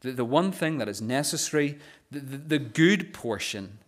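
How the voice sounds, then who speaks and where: Male pastor, earnest sermon, frequent stammered restarts, mid pitch. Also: animated, normal speed. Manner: stammering restarts on first sounds; earnest, drops softer on key phrases.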